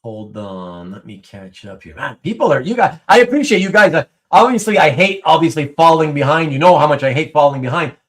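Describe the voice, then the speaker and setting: A man hosting a casual live-stream chat, talking in an animated way, with frequent stammers and repeated words. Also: fairly high pitch, fairly quick, hardly any pauses. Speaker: host.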